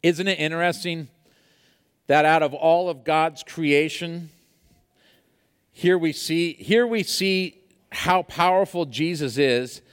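A man preaching a sermon, telling a personal story in an animated way with many fillers before reading scripture. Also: a little high, slow pace, long pauses, smooth, long reverb tail. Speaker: pastor.

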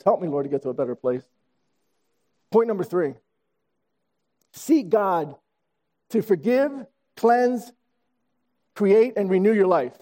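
A man in his sixties preaches with a high voice and a mellow, dark tone. He tells stories in an animated way and comes back to key phrases again and again. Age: 60s. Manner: storytelling, animated, repeats phrases for emphasis. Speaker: pastor. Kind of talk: sermon.

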